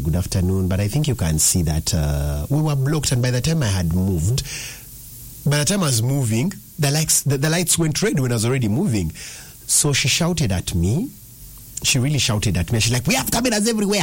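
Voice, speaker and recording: A young man, hosting a drive-time radio show and chatting through stories with lively swings in his voice. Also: slightly rough. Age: young adult. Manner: chatty storytelling, animated pitch swings. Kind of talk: casual radio talk. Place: radio studio.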